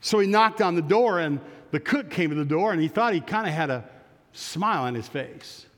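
A male pastor telling a story during a sermon, animated and with frequent restarts. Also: a little high, moderate pace. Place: church sanctuary. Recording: long church reverb.

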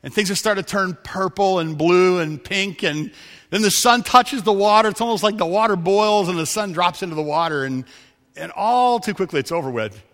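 A man preaching a sermon as a pastor, telling stories, dropping to a hush for quoted lines and rising for emphasis. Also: high-pitched, moderate pace, long reverb tail.

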